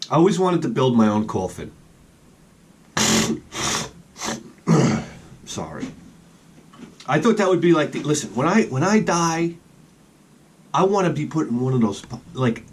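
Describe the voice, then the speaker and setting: A man's voice: medium pitch, sing-song, takes it slowly, long pauses, a little hiss or hum. A man rambling in a casual vlog outdoors, chatting with joking asides about his collection. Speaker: collector vlogger.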